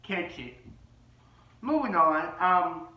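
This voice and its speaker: A man's voice: sits high, lively intonation, takes it slowly, roomy sound, distant mic, muffled recording. A man hosting a casual reality-TV recap, brash, profane and sassy as he reads the cast. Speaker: commentary host.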